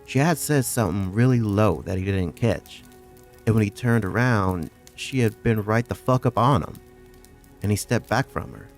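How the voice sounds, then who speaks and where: A man narrating a first-person horror story in a profane, conversational way. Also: fairly low pitch.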